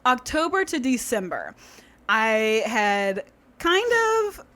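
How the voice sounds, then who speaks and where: A woman co-hosting a podcast in casual chat, relaxed and joking while she tells a story. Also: fairly high pitch, slow. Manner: relaxed, joking, swearing freely. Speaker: podcast co-host.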